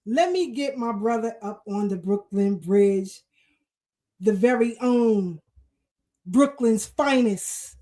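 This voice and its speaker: A woman hosting a casual live talk show, animated and fired up, greeting her viewers with shout-outs. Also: on the high side, slow pace, poor audio. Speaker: host.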